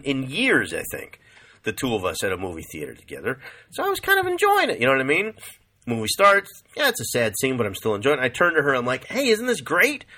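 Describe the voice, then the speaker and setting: A man's voice: mid-range voice, bright, forceful tone. A middle-aged man rambling casually about movies, swearing freely and calling the listener "dude". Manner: profane, rambling, says "dude" a lot. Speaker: vlogger.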